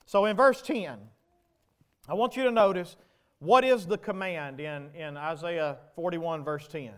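A male pastor preaching a sermon, asking the congregation questions and building to loud, emphatic passages. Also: a little high, measured pace, clean tone. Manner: preaching with rhetorical questions to the congregation, rising to shouts.

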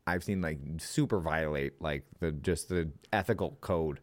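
A man's voice: extremely low pitch, normal speed, dry recording. A man co-hosting a podcast in casual chat, rambling and trailing off, swearing and laughing.

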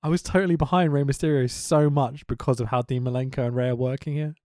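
A man co-hosting a casual podcast chat, animated and quick to laugh, swearing freely as he talks. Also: medium pitch, no room sound, studio quality. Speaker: podcast co-host.

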